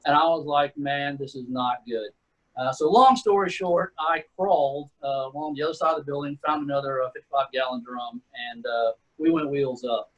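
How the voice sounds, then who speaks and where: A man's voice: mid-range voice, moderate pace, fairly bright tone, muffled recording. A middle-aged man, a retired Army sergeant, telling war stories in a laid-back, casual way and calling people "man" and "dude". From Texas. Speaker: retired Army sergeant first class, guest. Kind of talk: casual storytelling.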